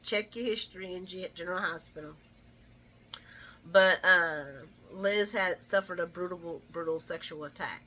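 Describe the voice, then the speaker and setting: A woman casually chatting through a recap of a soap opera episode, animated and laughing often. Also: on the low side, moderate pace.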